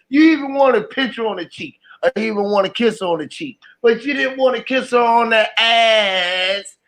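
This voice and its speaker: High-voiced rambling male storyteller. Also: a bit bright.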